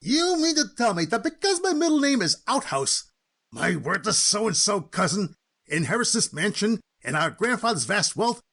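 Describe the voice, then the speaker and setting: An eager, easily flustered young man from a cartoon, played by a man. His voice is high and swoops widely, with a husky edge. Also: moderate pace, exaggerated voice. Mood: indignant. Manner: excitable, high-pitched and incredulous. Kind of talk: cartoon voice acting.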